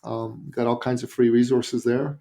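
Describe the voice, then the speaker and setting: A Canadian man, a business coach, telling an anecdote in a podcast interview with lively emphasis. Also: medium pitch, moderate pace, vocal fry. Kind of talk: storytelling in an interview.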